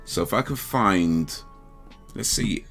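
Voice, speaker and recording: A man's voice: fairly low pitch, lively intonation, takes it slowly, creaky, fairly bright tone, faint music behind. A man hosting a casual livestream chat, rambling, laughing and trailing off mid-thought. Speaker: livestream host.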